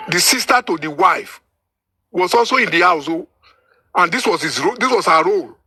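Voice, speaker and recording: A man's voice: sits high, animated, moderate pace, sharp tone, breathy edge. A Nigerian man with a Yoruba accent, supervising a heated live audio chat, emphatic and repeating himself. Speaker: supervisor of an online discussion.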